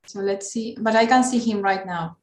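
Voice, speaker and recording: A woman runs a video call as its moderator. She speaks in a brisk, helpful way while sorting out a connection. Her voice sits in a middle range and comes through an echoey room. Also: mid-range voice. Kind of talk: casual coordination on a video call.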